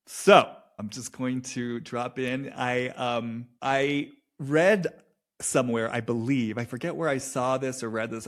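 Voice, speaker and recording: A man giving a spoken intuitive reading, talking slowly and hesitantly with frequent restarts and soft laughs. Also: mid-range voice, vocal fry. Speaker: intuitive reader.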